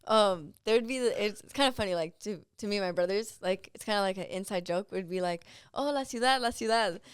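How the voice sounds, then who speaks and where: A woman's voice: medium pitch, fast talker, smooth, no room sound, studio quality. A woman guest on a podcast telling a story in casual chat, rambling and filling her speech with "like". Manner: rambling, heavy use of "like".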